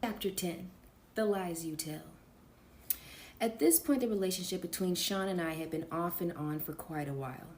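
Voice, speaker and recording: A woman reading a first-person life story aloud in a casual, informal way. She drops chatty side comments to her audience between passages. Her voice sits fairly low. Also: moderate pace, darkish tone. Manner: reads with chatty off-script asides to listeners.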